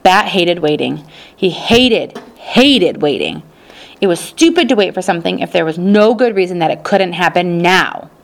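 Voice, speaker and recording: Calm and measured, a woman narrates an audiobook. Her voice is gravelly and sits fairly low, and the storytelling never wavers from a steady, even line.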